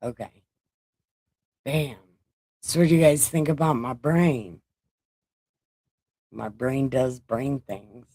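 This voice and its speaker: A middle-aged woman hosts a casual livestream chat, talking in an unhurried, drawn-out way and swearing freely without a second thought. Her bass voice is warm, close, and dry, with no room sound around it.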